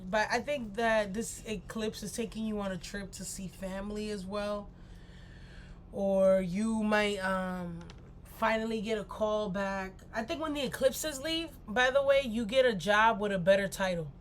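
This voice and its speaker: A woman's voice: mid-range voice, a little hiss or hum. A woman hosting a casual astrology livestream, rambling and playful, with apologetic asides.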